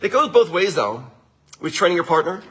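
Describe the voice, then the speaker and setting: A man's voice: sits high, big pitch swings, brisk, fairly bright tone, slightly rough. A middle-aged man, a winery owner, giving a casual motivational talk to viewers in an upbeat, chatty way, often tagging his lines with a question. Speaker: winery owner hosting a livestream.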